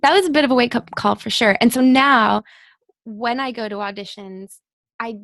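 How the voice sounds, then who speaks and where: Woman guest, actress type, animated storyteller, slightly high pitch. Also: moderate pace, dry recording. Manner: animated, laughs often, acts out quoted dialogue. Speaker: guest, actress and public-speaking coach. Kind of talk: casual podcast interview storytelling.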